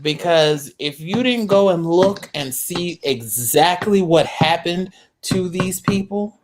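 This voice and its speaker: A woman's voice: fairly low pitch, animated, takes it slowly, background noise. A woman speaking on an online panel in an earnest way, repeating words to stress a point and adding apologetic asides. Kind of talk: casual panel discussion.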